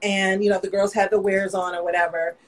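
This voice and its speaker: A woman's voice: mid-range voice, flat delivery, brisk, poor audio. A woman fashion designer, a guest in a casual interview, telling her story candidly with lots of "you know".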